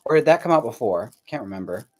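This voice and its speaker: Guy painting dolls on a stream, swears a lot, laughs a ton, mid-pitched voice, bit of faint hiss behind. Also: very animated, fast talker. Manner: chatty, profane and laughing often; rambling, searches memory aloud. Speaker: livestream host painting dolls. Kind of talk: casual chat with viewers while crafting.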